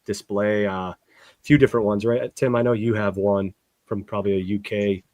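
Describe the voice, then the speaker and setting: Low-voiced man running through a schedule. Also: fairly even intonation, normal speed, darkish tone, no room sound. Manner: lays out a schedule step by step, with many fillers. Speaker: co-host. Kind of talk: casual live-stream chat.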